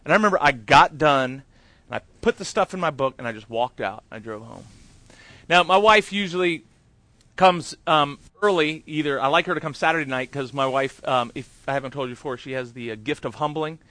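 A man's voice: fairly high pitch, a little fast, bright, forceful tone, no echo. A man preaching a conversational sermon, telling a candid, self-deprecating story with chatty asides. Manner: chatty with many fillers and asides. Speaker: pastor.

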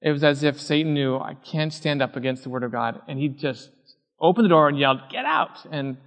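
A fairly high-voiced man preaching in a church hall. He tells a story and acts out the people in it, and his voice rings with long reverb. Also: fairly even intonation, a little fast. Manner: storytelling, acting out quoted voices. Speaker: pastor. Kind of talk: sermon with personal story.

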